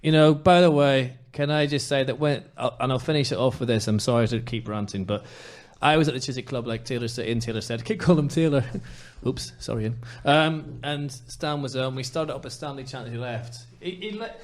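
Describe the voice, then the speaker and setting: Male podcast host, passionate and emphatic, mid-pitched everyday voice. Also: brisk, few pauses. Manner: impassioned, emphatic ranting. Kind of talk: casual football podcast chat.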